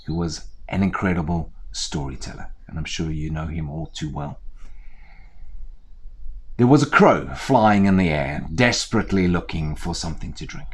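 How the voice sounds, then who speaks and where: A man storyteller talking to viewers in a lively, chatty way with playful asides, indoors on a small theatre set. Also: extremely low pitch, normal speed, slightly rough.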